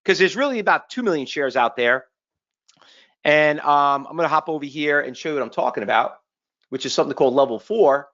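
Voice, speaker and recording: A brash trading educator talks through charts in a live webinar, firing one rhetorical question after another. The voice sits at a middling pitch. The audio is dull and lo-fi, like a streamed online session. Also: lively intonation, brisk, a bit bright. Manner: punchy, street-smart, full of rhetorical questions and tag "okay?".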